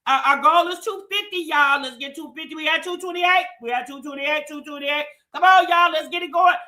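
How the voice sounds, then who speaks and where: Woman streamer, high bright voice, breathless auctioneer-style chant. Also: fairly quick. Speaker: livestream host. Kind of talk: casual livestream chat.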